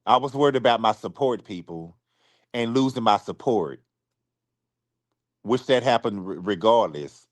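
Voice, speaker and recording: A man on a live stream apologizing to his supporters. He is close to tears, speaks haltingly, and often repeats himself or restarts his sentences. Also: fairly low pitch, expressive, dry recording.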